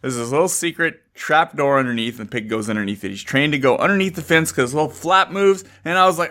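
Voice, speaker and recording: A man in casual chat, an animated storyteller who gets excited and swears casually. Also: fairly high pitch, quick pace.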